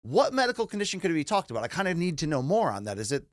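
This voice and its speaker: A man co-hosting a sports show, posing long questions in a lively way. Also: a little high, very fast, no room sound. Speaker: podcast co-host. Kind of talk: casual sports debate.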